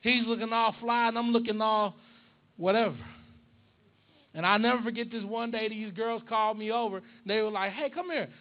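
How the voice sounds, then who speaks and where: Speaking into a handheld or stand mic in the church sanctuary, this preacher has a high voice for a man with little pitch movement and a moderate pace. His storytelling sermon is conversational and funny, full of stories and jokes exchanged with the congregation. The audio sounds muffled and lo-fi.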